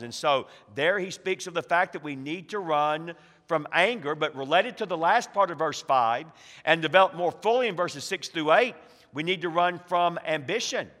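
A man preaching a sermon as a pastor, slowing down to stress words and swinging between quiet and loud. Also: a little high, expressive. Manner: emphatic preaching with slow, stressed phrases and swings in volume. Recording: reverberant hall.

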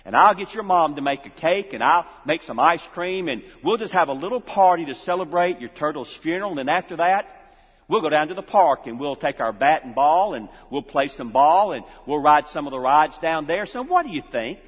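Man doing a gentle coaxing dad, hushed, stammering, high-ish voice, dull lo-fi sound. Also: lively intonation, brisk, husky. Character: kind father consoling his young son. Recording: reverberant hall, dull lo-fi sound.

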